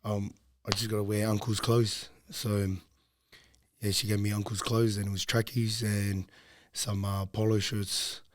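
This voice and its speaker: A young man, a podcast guest, casually telling a long personal story in a low-key, rambling way with frequent ums. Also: little pitch movement, unhurried.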